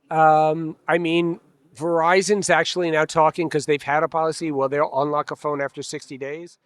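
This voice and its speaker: On the high side and level in tone, this man keeps a moderate pace over a dry recording. He's a trade association president in an easygoing interview at an expo hall, wry and forthright, impersonating dealers and customers in short quoted asides.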